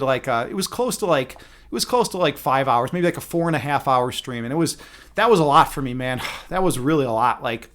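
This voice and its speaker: A man's voice: fairly high pitch, a bit bright. A man chatting casually on a livestream, rambling and swearing freely with lots of restarts and laughs. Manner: rambling, profane, laughs often, many restarts. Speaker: streamer.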